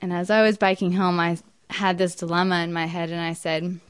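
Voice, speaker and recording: A woman's voice: fairly low pitch, level tone, fairly quick, clean tone, dry recording. Young woman storyteller, indignant and emphatic, dry close sound. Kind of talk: personal storytelling.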